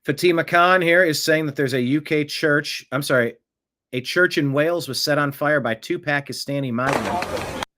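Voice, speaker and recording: A man's voice: fairly high pitch, moderate pace, sharp tone. A man hosting a political livestream, reacting to clips with a combative, sarcastic manner. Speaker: political commentary host.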